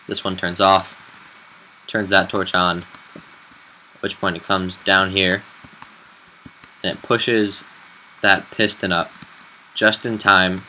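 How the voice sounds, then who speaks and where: A man who admins a game server, walking through a build in a casual tutorial, relaxed and halting with fillers. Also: deep voice, slight background noise, rough recording.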